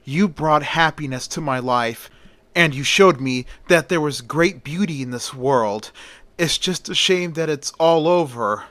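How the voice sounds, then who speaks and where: A man's voice: fairly high pitch, measured pace, a bit bright, dry recording. A man voicing the spirit of a young woman who speaks through an old woman, urgent and pleading.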